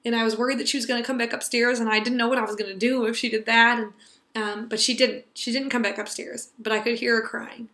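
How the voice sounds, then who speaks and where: Bright-voiced young woman telling a story. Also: fairly high pitch, little pitch movement, fast, echoey room. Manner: earnest, tender, drops to a hush for quiet moments. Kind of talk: personal story told to a class.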